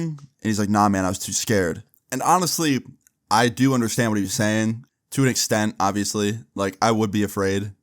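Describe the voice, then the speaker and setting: A young man casually telling a long personal story, slangy and animated, acting out both sides of phone calls. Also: on the low side.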